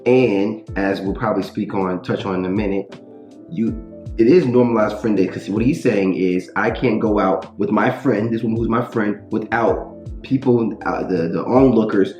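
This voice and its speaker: Deep-voiced, reflective man co-host. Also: darkish tone, roomy sound, dull audio, soft background music. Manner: reflective, measured, analytical. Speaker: podcast co-host. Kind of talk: casual chat.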